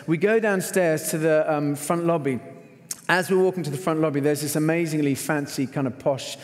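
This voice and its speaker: A man's voice: a little high, normal speed. A middle-aged man, preaching at a conference and telling a story with lots of acted-out lines. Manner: animated storyteller, acts out quotes with shouts. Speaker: conference speaker. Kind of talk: sermon with a told story. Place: large performing arts hall. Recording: long hall reverb.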